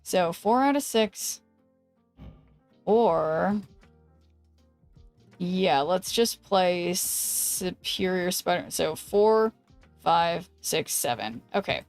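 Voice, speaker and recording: A woman streamer chatting casually while she plays a card game, thinking aloud and greeting viewers, with a voice that is going hoarse. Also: fairly low pitch, animated, very slow, long pauses, soft background music. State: losing her voice. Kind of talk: casual gameplay commentary.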